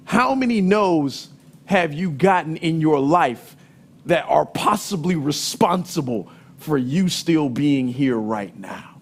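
A middle-aged man with a high voice preaches a sermon, weaving in lively stories from family life. He leans hard on key words and at times raises his voice to a shout. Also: slow pace, slightly rough. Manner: lively storytelling, emphatic, sometimes shouting.

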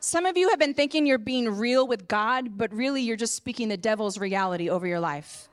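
A woman preacher giving an earnest sermon and personal testimony, moving from hushed to impassioned. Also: fairly high pitch, animated, a little fast. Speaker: apostle and preacher.

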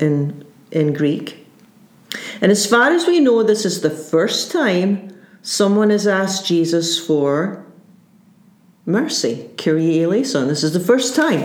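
A woman's voice: lowish voice, roomy sound. A woman pastor giving a sermon in an earnest, searching way, often restarting her phrases as she thinks them through.

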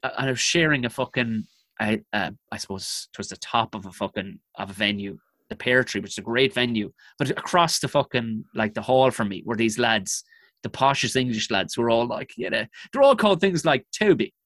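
A man's voice: lowish voice, brisk, sharp tone, no echo. A young man, telling comic stories in a profane, self-mocking way on a podcast. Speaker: comedian guest. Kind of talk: storytelling podcast chat.

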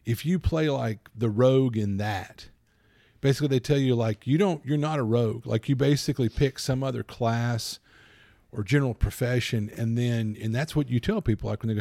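A man in casual podcast talk, his voice gravelly with fry and recorded dry and close. He rambles, jumps between asides and acts out bits of dialogue in quick put-on voices, a little foggy from allergies. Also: mid-range voice, mellow, no room sound. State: addled by allergies. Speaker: podcast co-host. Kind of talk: casual chat.

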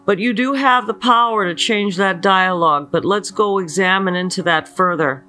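In a slow motivational talk leading a mantra, a spiritual teacher speaks earnestly, posing many rhetorical questions and frequently checking in with the listener. The voice is mid-range, pushed and bright, at a moderate pace, with faint music in the background.

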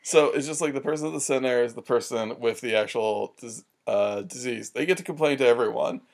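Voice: mid-range voice, a little fast. A podcast co-host who talks casually in a rambling way, full of fillers, and tells personal stories. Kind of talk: casual chat.

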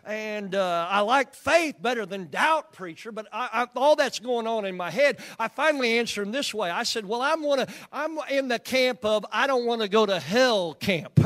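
Folksy Oklahoman preacher, high voice. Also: lively intonation, moderate pace, a bit bright. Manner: folksy, asks the congregation questions. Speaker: pastor. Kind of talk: sermon. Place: church.

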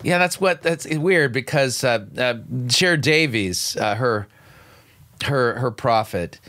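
A man's voice: mid-range voice, animated, slow, fairly bright tone, dry recording, studio quality. A man hosting a radio show, giving sarcastic, incredulous commentary on video clips, often stumbling and restarting. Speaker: radio show host and pastor.

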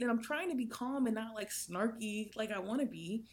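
A young woman co-hosting a podcast, telling a story in casual chat with animated swings in pitch. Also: moderate pace, hardly any pauses. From United States. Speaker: podcast co-host.

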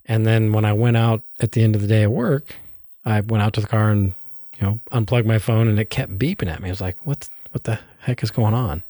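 A man's voice: fairly low pitch, steady tone, fast, mellow, dry recording, studio quality. A man co-hosting a hobby podcast, chatting casually and explaining things with many fillers and restarts. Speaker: podcast co-host.

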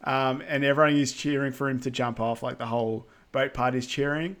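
Male podcast co-host, mid-pitched, rambling casual recap full of fillers. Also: fairly even intonation, a bit bright. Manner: rambling with many fillers and quick asides. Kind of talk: casual film recap chat.

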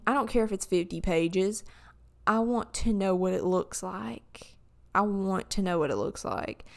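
A young woman casually reading opinion posts aloud and reacting to them in a chatty, animated way, full of fillers and restarts. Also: medium pitch.

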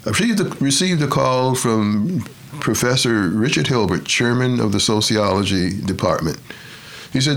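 An older man from Detroit, a retired professor, telling his life story in a measured, reflective way and acting out the quotes. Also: mid-range voice, lively intonation. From Detroit, USA. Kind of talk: storytelling interview.

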